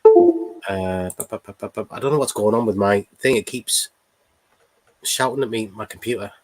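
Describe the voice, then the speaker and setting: A man's voice: fairly low pitch, moderate pace, no echo, faint music behind. Easygoing man, dry close sound. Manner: relaxed, agreeable, mumbles while using his computer. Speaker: co-host. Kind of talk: casual livestream chat.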